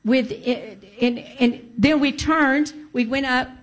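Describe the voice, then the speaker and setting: A woman's voice: high-pitched, takes it slowly. Emphatic woman telling a personal story. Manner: emphatic, repeats key points for emphasis; animated, breaks into prayerful exclamations. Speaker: storyteller sharing a personal testimony. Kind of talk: casual spoken storytelling.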